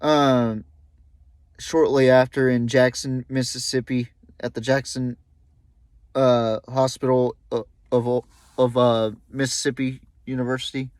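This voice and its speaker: Man, young adult, podcast host, halting, emotional, slow, dry sound. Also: mid-range voice, level tone, a little mellow, dry recording. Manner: halting, many fillers and restarts, emotional. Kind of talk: solo tribute podcast talk.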